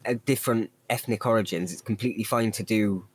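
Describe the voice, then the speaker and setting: A man co-hosting a podcast, chatting casually with quick joking asides and frequent laughs. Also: on the low side, slight background noise. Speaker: podcast co-host. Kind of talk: casual comedic chat.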